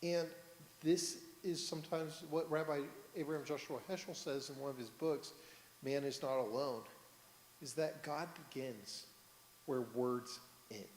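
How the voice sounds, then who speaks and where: Casting: male rabbi, fairly high voice, lively sermon storyteller, echoing synagogue hall. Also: unhurried, slight background noise. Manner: storytelling, asks the congregation questions. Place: synagogue sanctuary, on the bima. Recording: echoey hall, roomy reverb.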